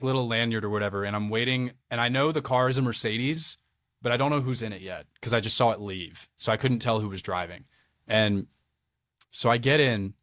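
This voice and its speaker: A young man from Alabama, a podcast guest telling lively stories in casual chat, swearing now and then. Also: medium pitch, no room sound, clean studio sound. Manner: animated storyteller, swears casually.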